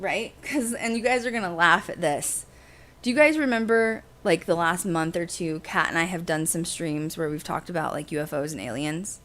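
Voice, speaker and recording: A young adult woman who hosts a podcast, telling a personal story to her livestream audience in a casual, animated way with lots of "like". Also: mid-range voice. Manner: animated, fast, heavy use of "like". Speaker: podcast host.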